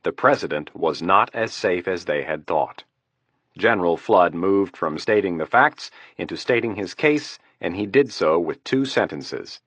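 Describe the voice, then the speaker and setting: Low-voiced man narrating an audiobook. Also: animated, a little slow, a bit bright, no echo.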